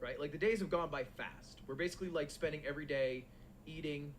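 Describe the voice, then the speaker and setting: A young man telling a long, animated story in casual, profane chat as a stream co-host. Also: a little high, brisk, a little hiss or hum. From United States.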